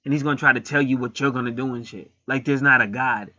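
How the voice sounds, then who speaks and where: A man retells a film and preaches in a casual, rambling way. He is emphatic and swears freely, in a bright, forward voice. The recording is dry and dull. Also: medium pitch, steady tone, quick pace, dry recording. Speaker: spiritual vlogger.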